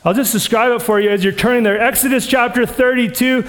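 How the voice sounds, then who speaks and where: A man's voice: very high voice, steady tone, fast, a bit bright. A man preaching a sermon as a pastor, in an earnest, conversational way that acts out the scripture he quotes. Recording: long hall reverb.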